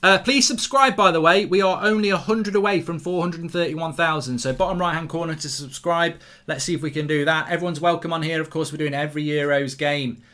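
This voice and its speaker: Excitable man reacting to football. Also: on the high side, a little fast, hardly any pauses. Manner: excitable, shouts at the match, reads chat aloud. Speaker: football watchalong host. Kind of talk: live football reaction stream.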